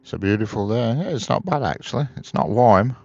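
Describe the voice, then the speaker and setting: A man's voice: medium pitch, expressive, a little fast, darkish tone, husky, no echo, highs cut off. A man chatting casually outdoors on a railway live stream, reading viewers' comments aloud and answering them. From England. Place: outdoors beside a railway line.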